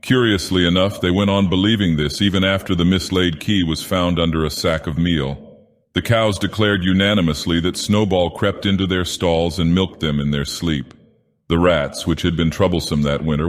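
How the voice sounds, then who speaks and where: A man narrating an audiobook in character as an ancient menacing god-villain, with a grave, deliberate delivery. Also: low voice, lightly acted. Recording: long hall reverb.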